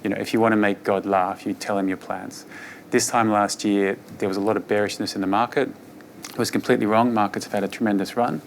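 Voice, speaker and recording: A fund manager, a man, giving an investor presentation on markets in a relaxed, conversational way with frequent fillers. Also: lowish voice, quick pace, vocal fry, a little hiss or hum.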